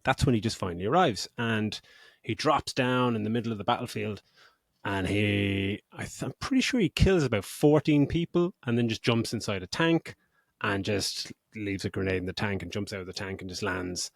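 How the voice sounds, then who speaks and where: A man's voice: on the low side, normal speed, vocal fry, no echo, studio quality. A middle-aged man co-hosting a podcast, recapping a film in casual chat, sarcastic, swearing freely and laughing often. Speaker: podcast co-host.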